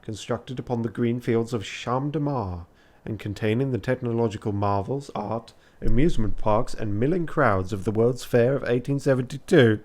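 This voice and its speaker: A man's voice: mid-range voice, normal speed, few pauses, a little mellow. Tired male streamer, reads a text game aloud with self-mocking asides and swearing. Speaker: charity streamer.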